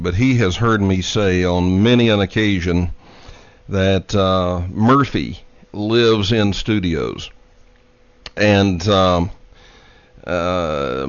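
A man hosting a live radio talk show from a studio, talking in an unhurried, halting way with many fillers. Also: deep voice, dry recording. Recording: dry, dull lo-fi radio studio sound.

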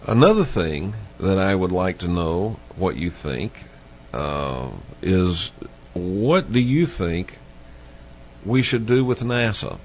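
Male radio talk host, unhurried deliberate delivery, lowish voice, muffled lo-fi broadcast, faint hiss. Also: animated. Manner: slow, deliberate, repeats questions to listeners. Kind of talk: late-night call-in radio talk.

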